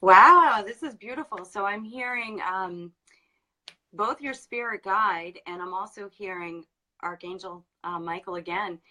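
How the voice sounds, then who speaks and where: A woman medium giving a channeled reading, gentle and hesitant with pauses. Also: mid-range voice, poor audio. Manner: hesitant, pausing with ums, gentle. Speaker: psychic medium. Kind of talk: live online channeling session.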